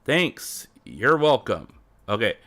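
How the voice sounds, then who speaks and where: A man's voice: mid-range voice, very animated, slow, fairly bright tone. A man live-streaming as he practices a language, chatting casually in a rambling way and chuckling often. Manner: rambling, chuckles often while sounding out words. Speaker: live streamer learning Japanese.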